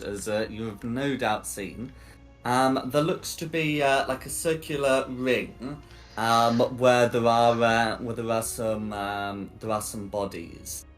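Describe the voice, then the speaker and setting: A man runs a tabletop game as its game master, describing the scene in halting, stop-start phrases. His voice sits at an ordinary pitch, with faint music playing behind him. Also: fairly bright tone. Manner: hesitant, many ums and restarts.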